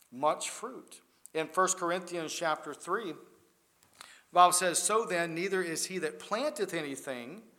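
Male preacher, higher-pitched voice, emphatic, loud-to-quiet sermon delivery.

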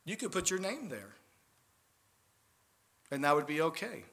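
Man, pastor preaching, earnest, rises to emphatic peaks; higher-pitched. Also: big pitch swings, a little slow, gravelly, a bit bright, breathy edge. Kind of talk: sermon.

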